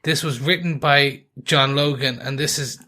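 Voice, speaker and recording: A man's voice: mid-range voice, fairly even intonation, normal speed, sharp tone. A man co-hosting a TV review podcast in casual chat, joking and self-deprecating as he rambles. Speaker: podcast co-host.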